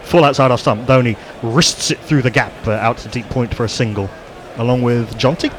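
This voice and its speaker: A man gives live ball-by-ball cricket commentary for radio, laying out the field placings and each ball in steady detail. His voice sits at a middling pitch. A faint hum of noise runs behind him. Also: brisk. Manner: steady descriptive play-by-play, rising on big moments.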